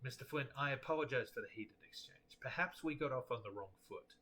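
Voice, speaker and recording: A man's voice: mid-range voice, a little fast, pushed and bright, slight background noise, close to an everyday voice. A man voicing a polite, earnest husband who pleads and frets.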